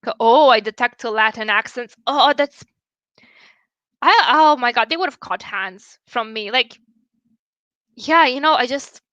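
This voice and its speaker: High, bright-voiced woman streamer. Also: a little slow, long pauses, no echo, highs cut off. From Romania. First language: Romanian. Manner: outspoken and blunt, swears casually. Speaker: livestream host. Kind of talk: casual livestream chat.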